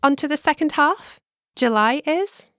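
A woman co-hosting a scripted language lesson, with a clear teacherly delivery that slows down to spell words out. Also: high-pitched, expressive, a bit bright, dry recording, clean studio sound.

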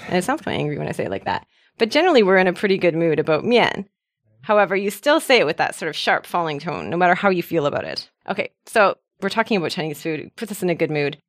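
A woman's voice: lowish voice, animated, rapid-fire, no echo, studio quality. A woman hosting a podcast language lesson, explaining patiently and cheerfully, often laughing as she prompts her co-host.

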